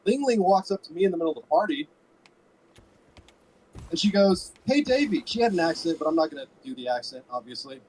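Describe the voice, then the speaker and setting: A man doing a stand-up set and then chatting as a guest, with brisk, deadpan joke delivery. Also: a little high, slight background noise, rough recording. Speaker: stand-up comedian.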